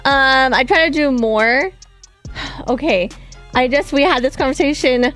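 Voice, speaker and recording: A woman's voice: high-pitched, measured pace, a bit bright, soft background music. A woman co-hosting a casual radio talk show, arguing her side and asking for examples. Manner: defensive, asks for examples. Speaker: radio co-host.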